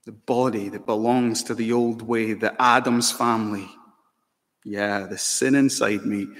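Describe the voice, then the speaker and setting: A man's voice: on the low side, fairly bright tone. A man preaching a sermon as pastor, earnest, asking the congregation pointed rhetorical questions. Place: church. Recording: long church reverb.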